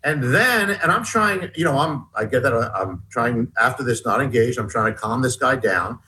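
A man, an author being interviewed, retelling a story in a rambling way, with many halting restarts. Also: medium pitch, expressive, bright, forceful tone, low-quality recording. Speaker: author and guest.

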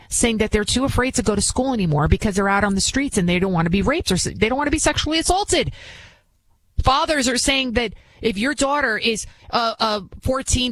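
A man's voice: very high voice, a bit bright, dry recording. A male radio talk show host delivering an indignant, repetitive monologue.

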